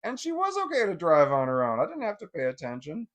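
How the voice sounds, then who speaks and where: A man's voice: on the high side, huge pitch swings, quick pace. A middle-aged man telling a personal story in casual vlog talk, rambling and profane, with many restarts. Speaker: vlogger.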